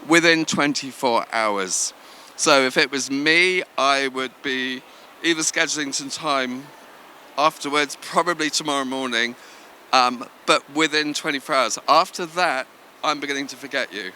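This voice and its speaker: A man's voice: mid-range voice, measured pace, sharp tone, slight background noise. A man speaking at a business conference, chatty and self-deprecating, telling anecdotes to the audience. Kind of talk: live conference talk. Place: event venue.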